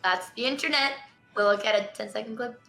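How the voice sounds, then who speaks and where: A woman with a bright, tense, slightly high voice, talking bluntly and sympathetically in casual group chat. Faint music sits behind her. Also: brisk, vocal fry. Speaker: streamer guest.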